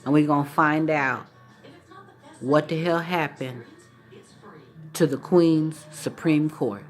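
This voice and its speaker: Female vlogger, low register, casual and mocking, playfully teasing delivery. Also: takes it slowly, faint music behind. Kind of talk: casual talk to camera.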